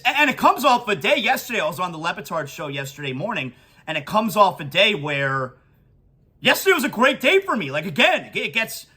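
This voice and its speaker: Sports talk host, man, high, bright, emotional, stammering and gushing. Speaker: podcast host. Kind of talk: excited sports talk monologue.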